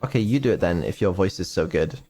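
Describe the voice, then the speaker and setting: A man's voice: deep voice, expressive, quick pace, warm tone, breathy edge, faint music behind. A man streaming as a developer, talking casually with lots of ums and dry sarcasm. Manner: mumbling, hesitant, many ums, dry sarcasm.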